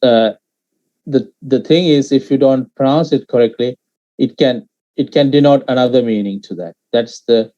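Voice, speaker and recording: A man teaching Pali in an online class, patiently explaining pronunciation and sounding out syllables with many pauses and fillers. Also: mid-range voice, warm tone, dull audio.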